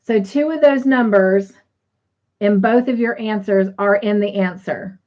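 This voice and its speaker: A woman's voice: mid-range voice, a little slow. A woman hosting a casual livestream, chatty, reading viewer comments aloud and tallying quiz scores. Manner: chatty, says "y'all", reads comments aloud. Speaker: livestream host. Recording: slightly dull lo-fi stream audio.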